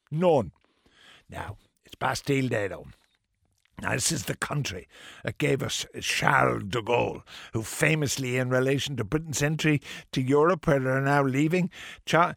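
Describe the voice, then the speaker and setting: A man's voice: a little high, vocal fry, dry recording. An older man hosting a radio show in a studio, chatting in a rambling, playful way with theatrical outbursts. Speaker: radio host. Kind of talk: casual radio chat. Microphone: studio microphone.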